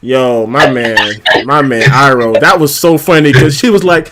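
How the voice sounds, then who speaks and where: Over a noisy crowd, a young man with a mid-range voice hosts a podcast, chatting casually at a slow pace with frequent pauses. He's animated and laughs a lot, acting out quotes as he goes.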